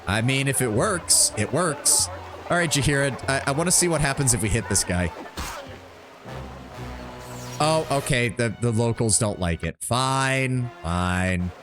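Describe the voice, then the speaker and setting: A man's voice: mid-range voice, expressive, unhurried, music in the background. A man giving chatty, joking commentary while streaming a video game. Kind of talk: live gameplay commentary.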